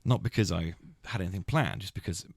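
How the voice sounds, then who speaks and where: A man's voice: fast talker, vocal fry, no echo. A man in his thirties hosting a podcast in a studio, chatting casually in a rambling, self-mocking way. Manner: rambling, self-mocking, jumps into high silly impressions. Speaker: podcast host. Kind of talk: casual chat.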